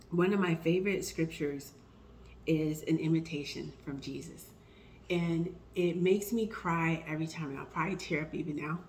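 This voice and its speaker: Woman, low voice, personal faith vlog, storytelling, animated quotes, faint background noise. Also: rough recording. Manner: warm storytelling, animated when quoting herself. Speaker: vlogger.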